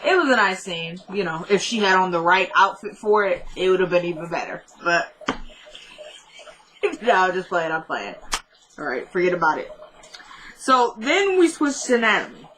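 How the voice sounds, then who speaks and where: A woman's voice: lowish voice, sing-song, normal speed, a bit bright, slight background noise, poor audio. A woman vlogger chatting to her viewers as she retells the scenes of a TV drama and acts out the characters' lines. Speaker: vlogger recapping a TV drama episode. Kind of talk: casual chat retelling scenes.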